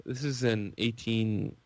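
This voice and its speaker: A man on a podcast, rambling and gushing in an excitable casual rant. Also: medium pitch, no room sound.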